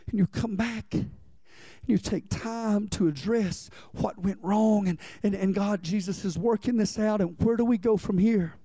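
Repeating key lines and checking in with his congregation, a high-voiced, mellow pastor delivers a conversational sermon. The recording is dry and close.

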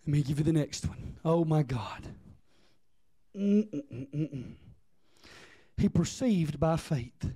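Male preacher, high and mellow, fiery repetitive delivery. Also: lively intonation, slow pace, pauses often, husky. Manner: impassioned, rhythmic repetition, Southern US dialect. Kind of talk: sermon.

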